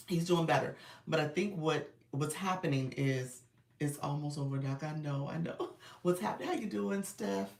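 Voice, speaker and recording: A woman business coach hosting a casual livestream. She is under the weather and a bit raspy, and she greets viewers by name in an upbeat, encouraging way. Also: sits low, moderate pace, a little mellow, reverberant, distant mic.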